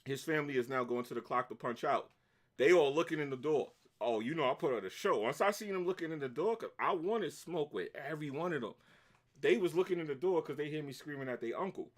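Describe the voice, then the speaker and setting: A man's voice: on the high side, quick pace. A middle-aged man with a Brooklyn accent, casually telling a story to his stream viewers and acting out each side of an argument. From New York. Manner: animated, acts out both sides of arguments, shouts when reliving anger. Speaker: livestream host.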